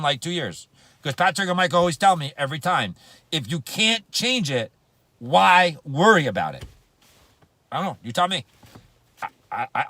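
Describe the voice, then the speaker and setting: A man's voice: high voice, sharp tone, no room sound. A man giving a motivational business talk, emphatic and slangy, repeating phrases for punch. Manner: slangy, casual grammar. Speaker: network marketing speaker.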